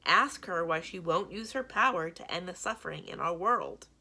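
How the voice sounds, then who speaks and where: A woman's voice: on the low side, normal speed, sharp tone. A woman voicing a sly, weakened male potion-maker in a read-aloud storybook, talking insistently and urgently. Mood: pleading. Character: weak, sly male potion-maker pleading his case.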